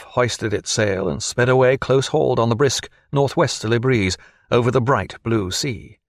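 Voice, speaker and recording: A man narrating an audiobook in an expressive, measured storytelling manner. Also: mid-range voice, no echo, studio quality.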